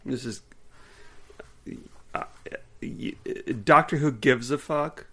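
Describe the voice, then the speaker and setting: A man's voice: mid-range voice, slow pace, gravelly, a bit bright, husky. A man in his forties co-hosting a podcast, chatting casually and rambling with lots of ums and laughter. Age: 40s. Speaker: podcast co-host. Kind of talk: casual chat.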